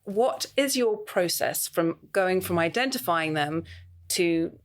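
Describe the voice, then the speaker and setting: A woman's voice: fairly low pitch, animated, slow. A woman interviewer asking open questions with short, attentive affirmations. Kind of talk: conversational interview.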